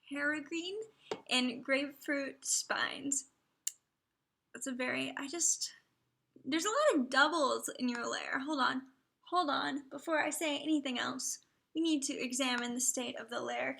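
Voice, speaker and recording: A woman's voice: high-pitched, gravelly, fairly bright tone. A young adult woman hosting a casual livestream, chatting along and often dropping into half-whispered asides. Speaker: livestream host. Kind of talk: casual live commentary.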